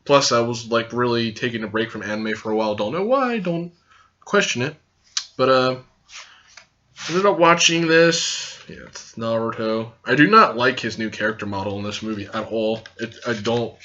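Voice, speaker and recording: A young man hosting a casual vlog review, hyper and loud, rambling and swearing freely. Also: medium pitch, animated, moderate pace. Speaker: host and reviewer. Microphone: camera recording. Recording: dull lo-fi sound.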